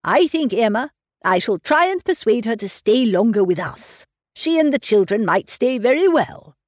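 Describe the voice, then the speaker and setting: A woman puts on a fretful, fussy old gentleman in a storybook reading, his worried, plaintive voice swinging up and down in lively turns. His lines are often drawn out slowly, and the sound is dry and close. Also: a little high, no echo. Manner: plaintive, sighing, fussing over family. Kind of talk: audiobook reading of a classic novel.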